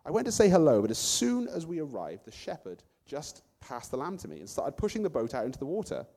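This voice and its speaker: A man narrating a first-person story in an expressive way. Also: fairly high pitch, brisk, in a large hall.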